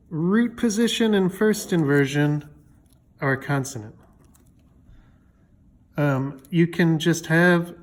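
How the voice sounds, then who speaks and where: A man teaching music theory in a loose, chatty way, with fillers and jokey asides. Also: fairly high pitch. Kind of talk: casual explanatory lesson.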